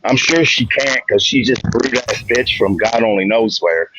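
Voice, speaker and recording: A man's voice: medium pitch, normal speed, a crowd in the background. A man on a live panel, trading insults combatively through a mic that distorts. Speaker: panel participant. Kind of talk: heated argument. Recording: distorted loud mic with hiss.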